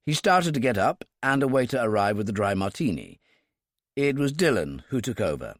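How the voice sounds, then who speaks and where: A man narrating a thriller audiobook in a measured storytelling manner. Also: fairly low pitch, very animated, no echo, studio quality.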